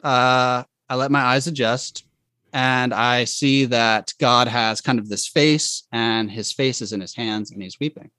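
Halting, reflective man, dry close sound. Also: mid-range voice, steady tone, pushed and bright, no echo. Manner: halting and reflective, with frequent restarts and fillers. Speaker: guest telling his faith story. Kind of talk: personal testimony in conversation.

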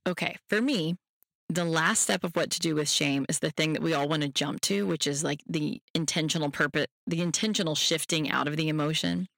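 A podcast host who gives a self-help talk in a gentle, reassuring way and speaks straight to the listener. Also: mid-range voice, fairly even intonation, a little fast, creaky, dry recording, clean studio sound.

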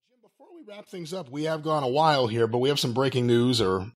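A man's voice: mid-range voice, quick pace. A man co-hosting a podcast, talking in an incredulous, mocking and profane way. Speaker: podcast co-host. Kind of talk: casual podcast chat.

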